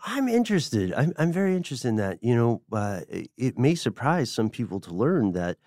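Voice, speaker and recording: A man co-hosting a podcast, explaining history in a measured, casual way with frequent chuckles. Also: mid-range voice, big pitch swings, darkish tone, no room sound, studio quality. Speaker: podcast co-host.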